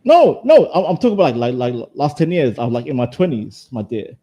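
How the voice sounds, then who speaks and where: A man's voice: medium pitch, lively intonation, fast talker, dark tone. A man in his thirties from Somalia, chatting casually on a livestream panel and repeating words when flustered. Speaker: panel guest.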